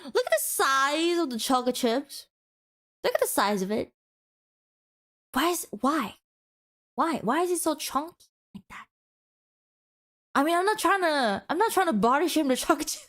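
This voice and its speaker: A woman's voice: high voice, big pitch swings, normal speed, long pauses, fairly bright tone. A woman streamer giving a mock-passionate, teasing rant to her chat in a playful, dramatic way.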